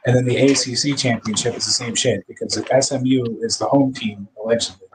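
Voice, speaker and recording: A man's voice: mid-range voice, steady tone, fairly quick, rough recording. Panelist: chatty, swearing man with a medium voice, faint background noise. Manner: chatty and profane, rambling with fillers. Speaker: podcast panelist. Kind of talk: casual sports podcast chat.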